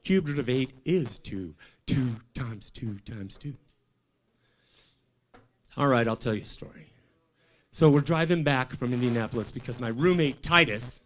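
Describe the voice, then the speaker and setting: A man from Colorado doing a rambling stand-up set at an open mic, telling deadpan stories and quizzing the crowd. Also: medium pitch, unhurried, pauses often. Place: small comedy club stage.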